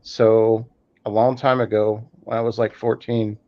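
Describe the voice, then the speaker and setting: A man's voice: on the low side, flat delivery, measured pace, no room sound. A man on a podcast panel telling a story in loose, rambling casual chat. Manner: loose, rambling, filler-heavy. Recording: dull lo-fi audio.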